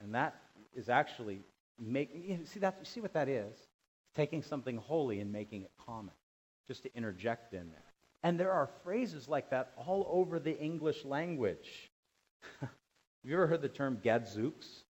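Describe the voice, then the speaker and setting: A male pastor delivering a sermon with a lively, swooping delivery. He moves from hushed asides to loud, emphatic peaks. The recording sounds dull and lo-fi. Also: mid-range voice, moderate pace, breathy edge. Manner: animated, swings from quiet asides to loud emphatic bursts.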